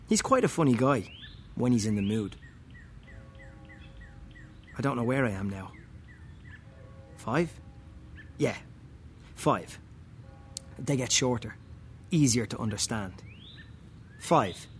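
Guy reading a story out loud, wry little muttered asides, mid voice, slowish. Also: mid-range voice, lively intonation, slight background noise. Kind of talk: first-person story reading.

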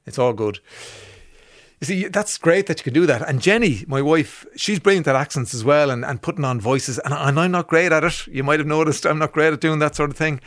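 An Irish man hosting a radio show in casual chat, enthusiastic and chatty, often pausing on "um" and restarting his sentences. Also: fairly high pitch, dry recording, studio quality. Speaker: radio host. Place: radio studio. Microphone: studio microphone.

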